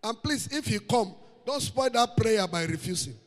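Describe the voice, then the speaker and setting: A man preaching with a Nigerian accent, mixing in Pidgin, chanting repeated words and swinging into shouts. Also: very high-pitched, lively intonation, normal speed, long reverb tail. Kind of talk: sermon.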